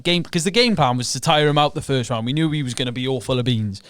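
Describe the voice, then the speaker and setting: A man's voice: mid-range voice, brisk, fairly bright tone, clean tone, no echo, clean studio sound. A professional fighter guesting on a podcast, telling his story frankly and profanely, acting out what he and others were thinking. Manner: frank and profane, relives moments with quoted inner thoughts. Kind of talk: casual interview storytelling.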